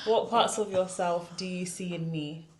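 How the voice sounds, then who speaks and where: A woman's voice: fairly low pitch, normal speed. A young woman, asking her mother questions in a casual chat and talking straight to viewers. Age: early 20s. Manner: chatty, addresses viewers directly.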